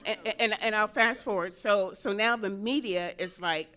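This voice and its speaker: A middle-aged woman, a state senator, telling a personal story to a convention audience, animated, often laughing and acting out what people said. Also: medium pitch, normal speed.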